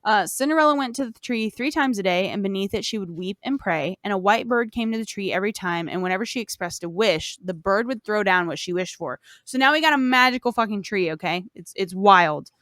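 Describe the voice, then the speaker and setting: A woman's voice: mid-range voice, expressive, a little fast, hardly any pauses, a bit bright, dry recording, studio quality. A woman hosting a podcast, retelling a fairy tale in a casual, profane, rambling way. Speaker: podcast host. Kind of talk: casual storytelling.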